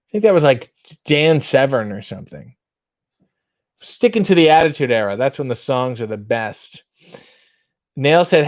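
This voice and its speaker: A man's voice: fairly high pitch, animated, a little slow, a little mellow, no echo, clean studio sound. A man hosting a casual livestream, reading viewer comments aloud and riffing on them with wry, playful asides. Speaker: streamer, show host.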